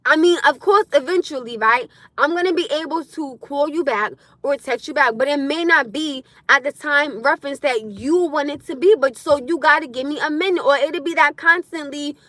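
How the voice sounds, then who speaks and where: A young adult woman ranting bluntly on a casual livestream, animated and laughing often. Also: sits high, normal speed, few pauses, no echo. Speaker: livestream host.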